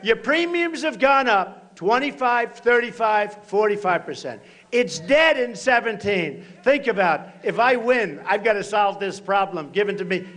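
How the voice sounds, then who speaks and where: High-pitched man in his sixties, emphatic rally speech. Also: expressive, normal speed. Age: 60s. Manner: repetitive, emphatic, punchy short phrases; breaks into shouting to the crowd. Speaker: political candidate at a rally. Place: large rally venue.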